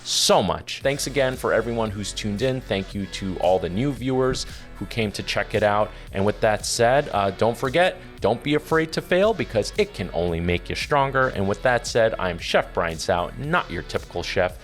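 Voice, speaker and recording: A middle-aged chef chats through his reactions in a slightly low, easygoing voice. He rambles and laughs often, with faint music in the background. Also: expressive, moderate pace, few pauses. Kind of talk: casual reaction commentary.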